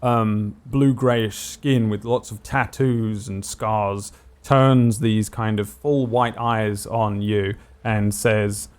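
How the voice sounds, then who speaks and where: A man's voice: fairly low pitch, steady tone, takes it slowly. A man sets the scene as game master for a tabletop game. He narrates in a descriptive way, but halts often with fillers and restarts. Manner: descriptive, hesitant, full of fillers.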